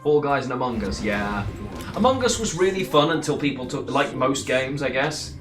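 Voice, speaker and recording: A man's voice: mid-range voice, animated, normal speed, music in the background. A man giving casual, rambling gameplay commentary while streaming and answering chat between plays. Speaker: streamer playing a card game.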